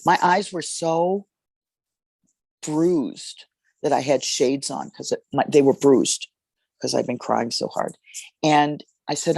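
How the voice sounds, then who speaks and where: Gravelly-voiced woman telling a story. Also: sits low, dry recording. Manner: expressive, halting with fillers. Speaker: jazz singer. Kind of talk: storytelling in an interview.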